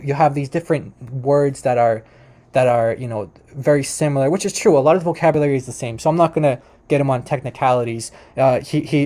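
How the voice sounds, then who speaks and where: A man's voice: medium pitch, dark tone. A man hosting a commentary on a video, explaining and correcting points patiently at his computer. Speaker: host.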